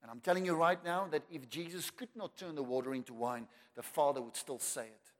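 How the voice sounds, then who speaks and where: A South African man preaching a sermon with emphasis, repeating words for effect and building to loud declarations. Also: fairly high pitch, brisk. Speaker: pastor. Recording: long reverb of a large hall.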